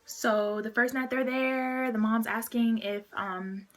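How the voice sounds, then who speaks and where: A woman's voice: on the high side, fairly even intonation, slow, a bit bright. A woman vlogger giving a casual movie recap, full of "like" and "um", acting out what people say. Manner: chatty, fillers like "like" and "um", acts out quotes.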